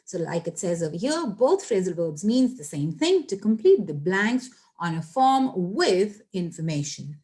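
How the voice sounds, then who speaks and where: A woman's voice: lowish voice, sing-song, a little slow, a little mellow. A young woman teaching English phrasal verbs in a chatty, repetitive way, addressing viewers directly. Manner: chatty, repeats points, addresses viewers as guys. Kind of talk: casual online grammar lesson.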